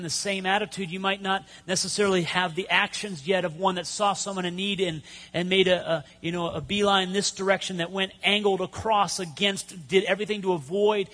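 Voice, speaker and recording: A man preaching a sermon, telling stories with pauses and sudden loud emphasis. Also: high-pitched. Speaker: pastor.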